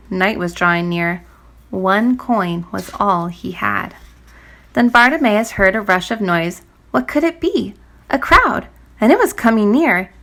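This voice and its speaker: A woman reading a rhyming children's story aloud in a rhythmic, expressive way. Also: medium pitch.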